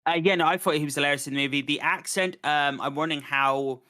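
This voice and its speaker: A man's voice: a little high, steady tone, fast talker, pushed and bright. A man hosting a podcast, reviewing a film in casual chat, rambling with frequent restarts and fillers. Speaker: podcast host.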